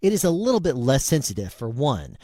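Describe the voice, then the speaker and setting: A man's voice: mid-range voice, huge pitch swings, brisk, mellow, no echo. A man casually reviewing and demonstrating a handheld dynamic microphone in a small room at home, talking close into it. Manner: conversational, demonstrating into different mics. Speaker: product reviewer.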